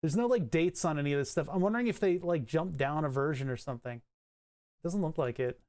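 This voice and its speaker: A streamer thinking aloud while fixing software on a live stream, cursing and laughing at the frustration. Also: mid-range voice, fast.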